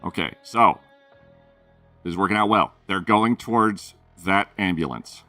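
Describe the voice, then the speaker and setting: A man's voice: low-pitched, measured pace, pushed and bright, no echo, recorded from a distance, faint music behind. A man streaming a game, joking playfully with his viewers in casual chat.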